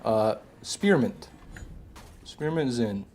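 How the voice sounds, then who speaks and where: A man's voice: medium pitch, expressive, very slow, a little mellow, a little hiss or hum. A man streaming a game live, chatting casually with viewers and answering their comments, sometimes with sarcastic jabs.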